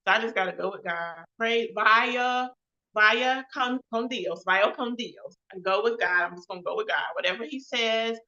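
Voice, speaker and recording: A chatty woman hosts a casual livestream and calls out to her chat. Her voice is bright and forceful, and it carries a touch of volume. The stream audio sounds dull and lo-fi. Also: on the high side, moderate pace. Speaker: host of a live web show.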